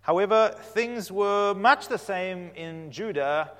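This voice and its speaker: Male preacher, slightly high voice, dramatic storyteller, long hall echo. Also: slow, smooth. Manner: animated storytelling, swinging from loud to hushed. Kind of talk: sermon.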